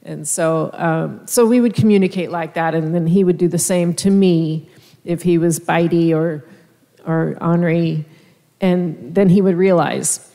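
Woman sharing her story at a seminar, mellow lowish voice, soft and hesitant, echoey hall. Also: a little slow. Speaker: seminar speaker, minister's wife. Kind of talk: personal testimony at a seminar.

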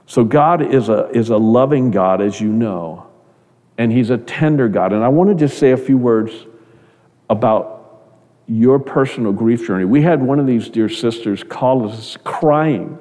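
Middle-aged male pastor, earnest sermon delivery, mellow tone, reverberant hall sound. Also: unhurried. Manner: earnest, repeats words, rises in pitch when quoting others.

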